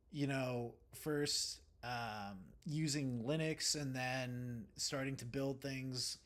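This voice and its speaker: A young man streaming from home, talking in a loose, rambling way with plenty of "um"s and false starts. His voice sits at an ordinary mid pitch. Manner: rambling and relaxed, many fillers and restarts. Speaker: livestreamer. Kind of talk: casual chat reading live comments.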